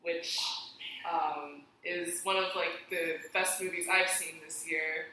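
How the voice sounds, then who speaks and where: A woman's voice: on the low side, steady tone, takes it slowly, sharp tone, a little hiss or hum. A woman of about twenty co-hosting a podcast in an upbeat, chatty way. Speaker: co-host. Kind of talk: casual podcast chat. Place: college house room. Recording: echoey room with music, far from the mic.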